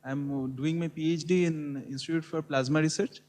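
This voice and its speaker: A man's voice: a little high, steady tone, normal speed, a little mellow. A male PhD student introducing himself plainly, slightly unsure. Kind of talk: self-introduction.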